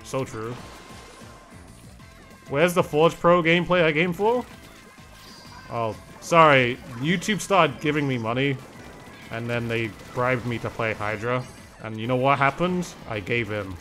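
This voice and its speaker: Lively young man streaming a game. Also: medium pitch, unhurried, pauses often, soft background music. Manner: laughs often, reads and answers chat. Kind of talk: casual live-stream gameplay chat.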